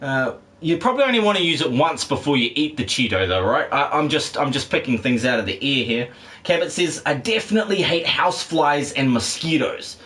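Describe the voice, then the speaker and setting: A man's voice: medium pitch, lively intonation, brisk, fairly bright tone. A man with a condescending-sounding tone, rambling casually and swearing while live-streaming a game and reading out chat. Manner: rambling, laid-back, swears freely, laughs often. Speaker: livestreaming gamer.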